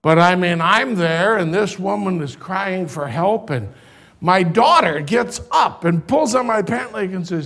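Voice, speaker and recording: An older man, a pastor, telling a personal story in a sermon, animated at first and later quiet and tender. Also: sits high, measured pace.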